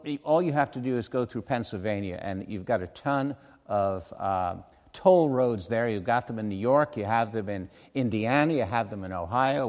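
A man's voice: mid-range voice, a little mellow. A man preaching a sermon in an earnest, conversational way, with asides and self-corrections. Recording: long hall reverb.

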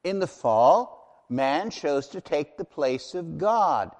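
A man preaching a sermon as pastor, emphatic and building to loud declarations. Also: on the high side, lively intonation, takes it slowly, big-room sound.

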